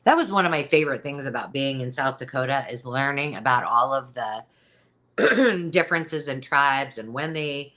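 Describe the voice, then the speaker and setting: In a rumbling low voice that's a bit bright, a middle-aged woman talks at normal speed while hosting a live sale. Her selling chat is casual and meandering, peppered with ums.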